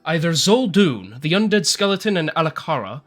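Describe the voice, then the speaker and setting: A man's voice: fairly high pitch, big pitch swings, brisk, soft background music. A man voicing a prickish male noble in a tabletop game, reading a letter aloud in a haughty, formal tone. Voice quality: haughty, lordly tone.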